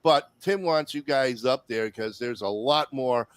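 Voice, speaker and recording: A man's voice: mid-range voice, a little slow, smooth, no room sound. A man hosting a casual show, joking around and laughing often. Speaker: show host. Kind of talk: casual livestream chat.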